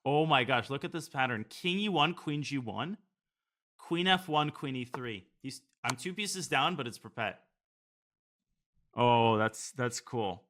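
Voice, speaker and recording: A man's voice: medium pitch, animated, a little slow, fairly bright tone. A man streaming online blitz chess, thinking aloud about his moves in a casual, joking way. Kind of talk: live commentary while playing online blitz.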